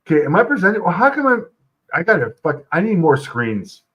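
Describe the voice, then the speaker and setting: A man hosting a fight picks stream, loud and flustered, swearing at technical trouble. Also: sits high, big pitch swings, brisk, highs cut off. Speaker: host of a fight picks show. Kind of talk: casual livestream chat.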